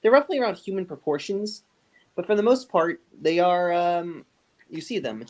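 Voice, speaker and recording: A man with a slightly high voice running a tabletop game session. He narrates loosely, rambling and correcting himself mid-sentence as he describes the scene. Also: expressive, moderate pace. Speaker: game master.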